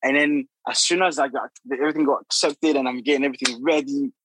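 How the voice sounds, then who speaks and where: A young man, a guest telling animated, laughing stories full of acted-out quotes. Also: medium pitch, fast talker, background noise. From Democratic Republic of Congo. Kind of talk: casual storytelling.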